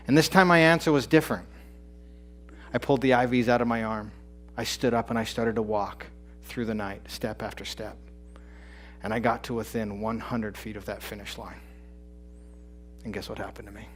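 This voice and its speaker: A man in his forties on stage before a live audience, telling a personal story with building tension, loud peaks and hushed drops. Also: mid-range voice, moderate pace, a little hiss or hum. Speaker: speaker at a live talk event. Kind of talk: dramatic personal storytelling talk.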